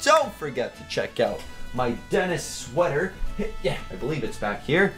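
A man giving excitable commentary over his own video game play as a gaming video host. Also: a little high, moderate pace, soft background music. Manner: animated, squeals and baby-talks at cats. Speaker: gaming YouTuber.

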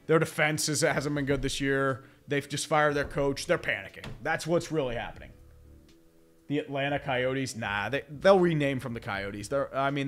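With a medium-pitched, slightly bright voice and a stuffy nose, a man hosts a live stream. His casual commentary rambles as he reads out chat questions and swears now and then.

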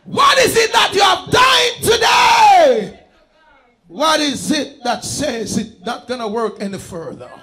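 A man preaching a fervent live sermon in a church service, shouting and chanting calls to the congregation. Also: very high voice, lively intonation, a little slow, some chatter behind.

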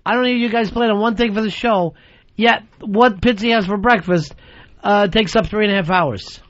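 A man's voice: high-pitched, normal speed, fairly bright tone, no echo, highs cut off. A man hosting a radio talk show, needling his co-hosts with profane, sarcastic banter. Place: radio studio.

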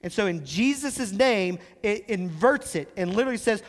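A man with a high voice preaches a sermon, reading scripture and explaining it. He slows down and lifts his voice to press home the words that matter. His voice rings with a long reverb through a church sanctuary. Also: lively intonation. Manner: explains scripture with emphatic rises and slow stressed phrases. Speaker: pastor.

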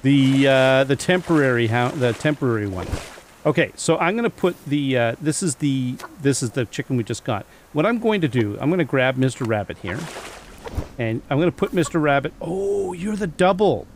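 A man's voice: medium pitch, expressive, normal speed, a little hiss or hum. Chatty man narrating a survival game. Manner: chatty, thinks aloud and counts items aloud; chuckles often at his own mishaps. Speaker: gameplay commentator. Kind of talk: casual let's-play commentary.

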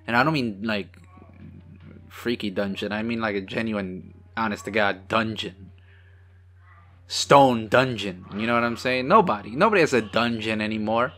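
A man's voice: fairly low pitch, moderate pace, a bit bright. A man hosting a casual movie watch-along, joking sarcastically at the screen and swearing freely. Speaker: host.

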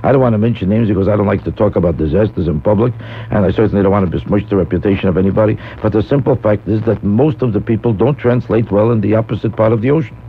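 A man's voice: on the low side, racing, slightly rough. A man doing a rambling comic monologue as a guest radio host, telling a story. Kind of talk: radio talk show storytelling. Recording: tinny phone-like old radio broadcast.

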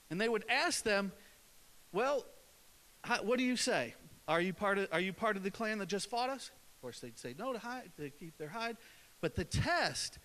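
A preacher from the northern US delivers an informal, conversational sermon with emphasis, his voice a little high and fairly bright. He restarts often and leans on plenty of fillers.

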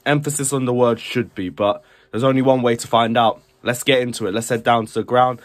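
A man's voice: medium pitch, steady tone, brisk. A young man hosting a football fan vlog, chatting upbeat predictions straight to camera. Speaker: fan channel vlogger.

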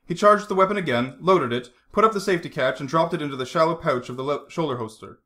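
Fast, lively male narrator reading fiction aloud, higher voice. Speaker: audiobook reader.

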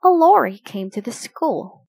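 A woman reading a children's picture book aloud, slowly and expressively for young listeners. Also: a little high, big pitch swings, vocal fry, darkish tone, husky, dry recording. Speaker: storybook reader.

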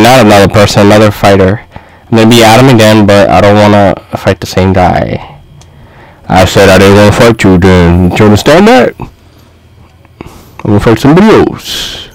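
A young man giving casual gaming commentary, trash-talking and shouting at a fighting game. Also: no room sound, rough recording. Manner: excitable, shouts and trash-talks at the game, swings loud and high. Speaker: gaming YouTuber. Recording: faint music behind.

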